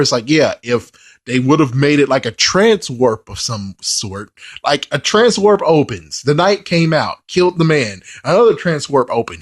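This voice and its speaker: A man giving a casual, profane, exasperated rant in a movie review vlog. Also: mid-range voice. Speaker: movie commentary vlogger.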